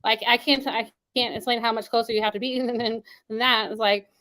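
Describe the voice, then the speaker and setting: A woman guest talks fast and rambles from thought to thought, full of restarts and fillers. Her voice is a little high. She rushes through long run-on sentences. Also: fairly even intonation, pushed and bright. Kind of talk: casual interview talk.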